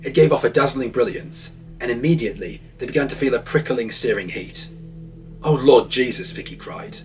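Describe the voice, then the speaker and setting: A man narrating an audio documentary in a vivid, dramatic storytelling voice. His pitch sits in the ordinary middle range, and soft music plays faintly beneath him. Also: animated, a little fast.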